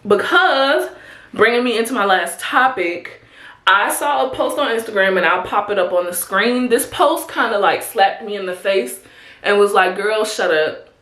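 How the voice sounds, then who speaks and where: A woman in her twenties, talking in a chatty, open way straight to her viewers. Her voice sits at a mid pitch. The room around her echoes noticeably. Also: normal speed, a bit bright. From Chicago, USA. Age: 20s. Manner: chatty and candid, addressing viewers as "y'all" and "honey". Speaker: vlogger. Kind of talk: casual chat while getting ready.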